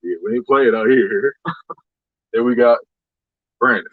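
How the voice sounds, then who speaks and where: A man's voice: mid-range voice, a little slow, breathy edge, dry recording, phone-quality sound. A man hosting a casual podcast, loose and joking, laughing often. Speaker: podcast host.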